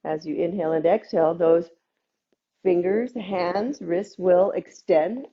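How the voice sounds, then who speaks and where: A woman teaching a gentle yoga class, calmly cueing breaths and movements with playful asides. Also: on the low side, measured pace, lo-fi sound. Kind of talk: guided yoga class instruction.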